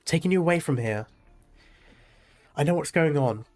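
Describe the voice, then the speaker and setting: A man's voice: on the high side, expressive, moderate pace, a little mellow, soft background music, natural voice. A man reading aloud the lines of a protective, worried young man from a game, in his own lightly acted voice. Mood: urgent.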